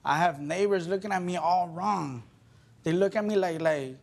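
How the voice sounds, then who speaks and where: Husband testifying in TV court; plain casual talk, somewhat high voice. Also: male voice, moderate pace, creaky.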